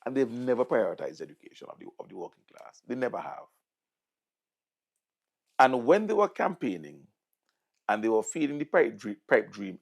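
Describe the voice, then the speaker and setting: Here the Vincentian host, a middle-aged man from St Vincent and the Grenadines, mocks and needles his political targets, hammering points home through repetition. His voice sits in the mid range, creaky and a little mellow.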